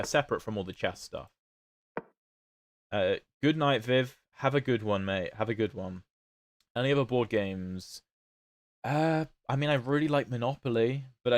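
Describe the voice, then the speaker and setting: A man's voice: medium pitch, no room sound, clean studio sound. A man with a British accent, not fully standard, casually commenting on his chess games and answering chat on a livestream. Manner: chatty, answers chat questions while playing. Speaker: chess streamer.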